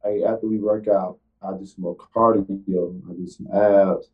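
A young man, a college football player, answering interview questions in a halting, casual way, often restarting his sentences. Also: sits low, fairly even intonation, dull audio. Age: young adult.

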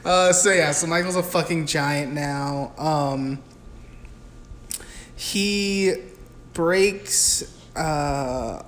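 A young man co-hosting a podcast, recapping a film in a loud, profane, animated way and slipping into voices for the characters. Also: a little high, drawn-out words, pauses often. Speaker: podcast co-host. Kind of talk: casual chat recapping a film. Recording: echoey room with faint noise.

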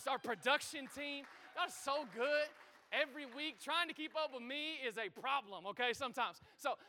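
High, bright-voiced energetic male preacher. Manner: energetic, call-and-response with the congregation. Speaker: pastor. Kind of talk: sermon. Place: church auditorium. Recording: reverberant hall.

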